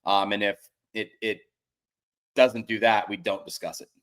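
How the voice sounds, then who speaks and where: A man's voice: lowish voice, steady tone, a little slow, fairly bright tone. Guy co-hosting a betting pod, blunt and sweary, leans hard on his points. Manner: blunt, profane, emphatic. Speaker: sports betting podcast co-host. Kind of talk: casual chat.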